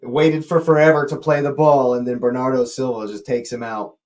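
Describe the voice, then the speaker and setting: At a normal speed and in a mid-range voice, a man runs a live watch-along, offering fan commentary on the play. He's talkative with the chat, greeting viewers, and gets excitable, his voice springing upward on near chances.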